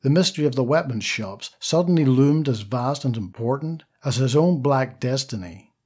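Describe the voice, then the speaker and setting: A man narrating a short story as an audiobook, steady and even. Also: mid-range voice, moderate pace, breathy edge. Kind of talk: scripted narration.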